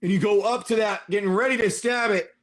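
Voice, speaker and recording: High voiced guy running a tabletop game on stream, super animated, calling out rolls. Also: fairly quick. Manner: animated and excitable. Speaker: game master. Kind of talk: livestream tabletop game narration.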